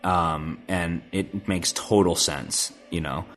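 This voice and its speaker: A man's voice: deep voice, slow, fairly bright tone. A man who works as a voice actor, chatting casually on a podcast, rambling and self-deprecating with many fillers and restarts. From Nebraska. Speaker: voice actor guest.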